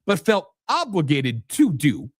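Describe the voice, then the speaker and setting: Combative ranting man with a lively pitch. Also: unhurried, husky, dry recording, clean studio sound. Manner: combative, sarcastic, swings between loud jabs and mutters. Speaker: host and political candidate. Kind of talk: ranting livestream talk. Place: home setup with virtual background.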